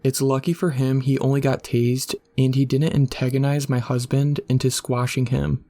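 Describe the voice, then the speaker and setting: Flat-voiced man narrating a horror story. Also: mid-range voice, normal speed. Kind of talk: scripted narration.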